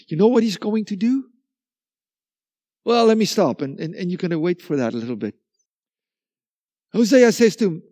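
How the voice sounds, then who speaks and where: A man preaching a sermon, animated, acting out little dialogues and repeating phrases for emphasis. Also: fairly high pitch, normal speed, no echo. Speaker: pastor.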